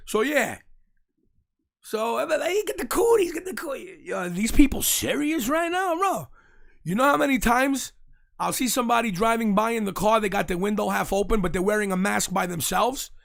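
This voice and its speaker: A brash host tells a story in a high, gravelly voice. He mocks and jeers as he goes, and his voice stays fast and animated. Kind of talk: casual live-stream rant.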